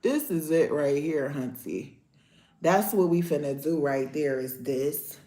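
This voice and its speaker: A woman in a casual nail vlog, talking in an excitable, slangy way. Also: deep voice, measured pace. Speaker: nail vlogger. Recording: roomy, echoey home recording.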